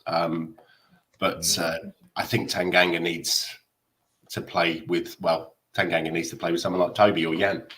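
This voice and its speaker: Deep-voiced hesitant male panelist. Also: level tone, moderate pace, a bit bright, rough recording. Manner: hesitant, many ums, frank opinions. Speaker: podcast panelist. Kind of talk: casual football analysis.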